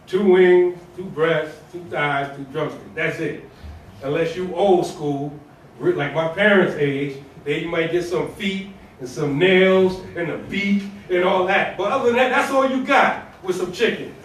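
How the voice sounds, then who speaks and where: Imam guy preaching loose and chatty, high voice, big echoey hall, mic kinda far. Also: unhurried, a little hiss or hum. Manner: colloquial, conversational preaching with rhetorical questions and repetition. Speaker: imam giving Friday sermon. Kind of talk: sermon. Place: mosque prayer hall.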